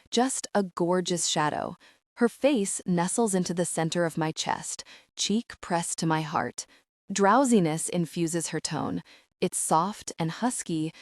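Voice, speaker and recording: A woman's voice: fairly low pitch, no room sound, studio quality. A woman narrating a first-person romance audiobook in an emotional, dramatic reading.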